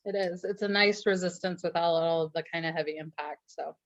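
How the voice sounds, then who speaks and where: A woman's voice: on the low side, steady tone, a little fast. A woman hosting an online cooking social, friendly and filling in viewers who just joined. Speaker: host. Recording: dull lo-fi call audio.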